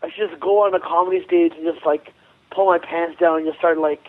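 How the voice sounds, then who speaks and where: High-voiced rambling caller on a phone line. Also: male voice, fairly even intonation. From Canada. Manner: rambling, profane, halting. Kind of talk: call-in chat.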